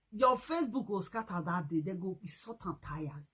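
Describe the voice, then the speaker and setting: A woman's voice: on the low side, fairly quick, hardly any pauses, fairly bright tone, husky, low-quality recording. A Nigerian woman vlogging a scolding rant, repeating her points and mixing in pidgin slang. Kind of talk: ranting commentary vlog.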